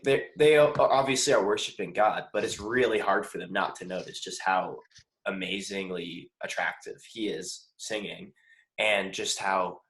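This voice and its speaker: A man's voice: fairly low pitch, fairly bright tone. Young guy cohost, joking around all earnest, echoey room sound. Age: young adult. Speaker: podcast co-host. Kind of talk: casual podcast chat.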